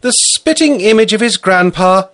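A man voicing a cheerful, loud farm housewife in a storybook reading. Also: high-pitched, expressive, pitched above the performer's own voice. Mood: hearty. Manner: brisk, boisterous calls.

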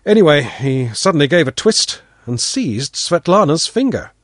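A man narrating a first-person story in an expressive storytelling manner. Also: on the high side, normal speed, no echo, clean studio sound. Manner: expressive storytelling, voices the characters.

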